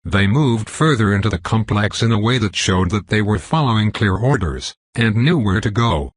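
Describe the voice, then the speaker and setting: A male audiobook narrator with a low, husky voice delivers scripted narration of a dark fantasy web novel. His storytelling is steady and measured, and the recording is dry with clean studio sound.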